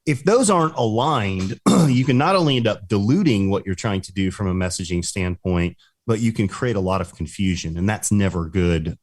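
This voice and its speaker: A man's voice: on the low side, a little mellow, no echo, clean studio sound. A man co-hosting a business talk show, explaining points fluently and checking in with "right?". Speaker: podcast co-host.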